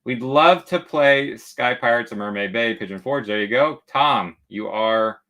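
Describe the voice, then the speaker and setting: A travel channel host hosts a casual livestream, reading viewer comments aloud while chatting and joking. His mid-range voice is a little slow, with a sharp tone.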